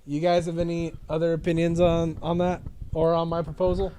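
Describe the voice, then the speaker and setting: A man's voice: fairly high pitch, monotone, a little fast, warm tone, smooth. A man hosting a casual podcast chat, rambling and correcting himself as he goes. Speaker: podcast host.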